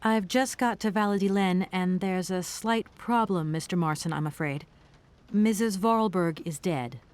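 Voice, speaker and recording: An actress playing a composed young female lawyer in a game, speaking in a polite, measured, professional way. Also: on the low side, lightly acted. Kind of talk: game voice acting.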